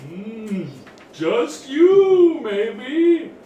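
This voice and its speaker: A man voicing a slow, dim-witted snail that munches rocks, drawing out its words with long hums. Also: extremely high pitch, very animated, muffled recording, slight background noise, pitched above the performer's own voice, full character voice. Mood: slow, dreamy. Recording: roomy, distant home recording.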